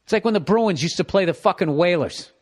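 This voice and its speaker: A middle-aged man with a Boston accent, hosting a podcast with a profane, animated comedic ramble. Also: sits high, brisk. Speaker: podcast host.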